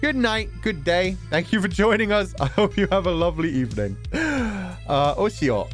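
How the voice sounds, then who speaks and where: A man's voice: sits high, big pitch swings, normal speed, hardly any pauses, soft background music. A man streamer in a casual chat, reading out donation messages, playful with words and swearing casually.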